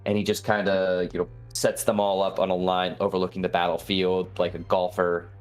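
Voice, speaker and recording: A man playing a tabletop role-playing game, describing his character's actions in a relaxed, vivid way. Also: deep voice, brisk, soft background music. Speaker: player. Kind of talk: casual game chat.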